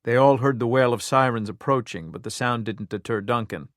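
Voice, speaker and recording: A man narrating a crime thriller with steady, measured storytelling. His voice sits at a middle pitch, and the recording is dry and close, with no room echo. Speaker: audiobook narrator. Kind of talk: scripted narration.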